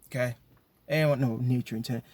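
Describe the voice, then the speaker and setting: A man's voice: medium pitch, fairly even intonation, a little fast, a little mellow. A man delivering an impassioned monologue to his viewers, emphatic and ranting, often repeating words as he gets worked up. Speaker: video commentator.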